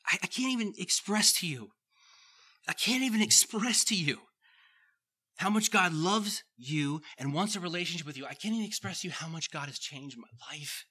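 A middle-aged male pastor preaching a sermon with fervent repetition, at times dropping into soft emotional asides. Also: high voice, breathy edge. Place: church.

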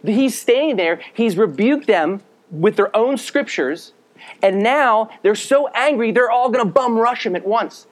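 A man's voice: sits high, lively intonation, unhurried. Earnest male pastor preaching a sermon. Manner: earnest, direct address to listeners; reads scripture aloud, then explains it.

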